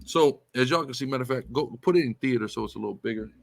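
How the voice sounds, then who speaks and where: A man's voice: mid-range voice, rapid-fire, vocal fry, no room sound. A man giving preaching-style commentary as a religious teacher, emphatic and repetitive in a conversational way.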